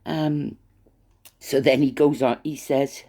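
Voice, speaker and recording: Brief: low, mellow-voiced woman ranting scornfully, lots of stumbling restarts. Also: fairly even intonation, slow pace. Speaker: commentary vlogger. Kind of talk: opinionated monologue.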